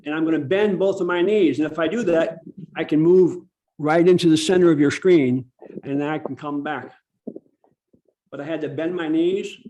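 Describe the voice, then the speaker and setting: A man presenting an online public speaking workshop over a video call. He is demonstrative and slows down to stress key words. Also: a little high, darkish tone. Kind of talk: instructive online workshop talk.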